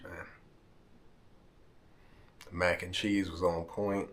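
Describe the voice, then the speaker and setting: A man with a very deep, low voice talks straight to camera in a heartfelt vlog. He is close to tears, his words catch and restart, and he keeps ending lines with "man". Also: little pitch movement, takes it slowly, fairly bright tone. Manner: emotional, heartfelt, repeats "man", holding back tears. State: near tears. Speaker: vlogger. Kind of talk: emotional direct-to-camera vlog.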